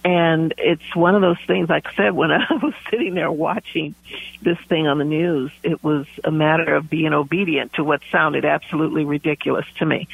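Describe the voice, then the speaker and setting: A woman who bakes pies for her community tells a heartfelt story as an interview guest, laughing often in a warm testimony. Her deep voice is husky with vocal fry, and the audio is narrow and tinny with no room sound.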